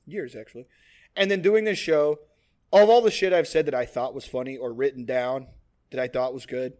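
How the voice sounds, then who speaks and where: A man's voice: medium pitch, fairly even intonation, moderate pace, darkish tone. A man in his twenties co-hosting a podcast, chatting casually in a rambling, profane way with lots of "like". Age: 20s. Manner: rambling, profane, many fillers. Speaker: podcast co-host.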